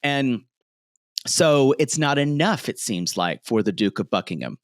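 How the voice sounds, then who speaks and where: Animated man recapping a show, lively pitch. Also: measured pace, no echo, clean studio sound. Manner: animated storyteller, acts out quotes, laughs often. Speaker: podcast co-host. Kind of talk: casual recap chat. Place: home, street noise outside.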